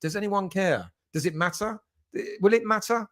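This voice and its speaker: A man's voice: sits high, moderate pace, fairly bright tone. A man from England hosting a casual live stream for football fans, rambling and greeting chat viewers by name. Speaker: fan channel host reading live chat.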